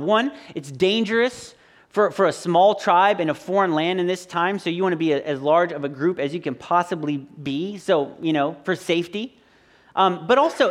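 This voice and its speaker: A man's voice: high-pitched, a bit bright. A man in his thirties, a pastor giving a conversational sermon with joking stories and frequent restarts.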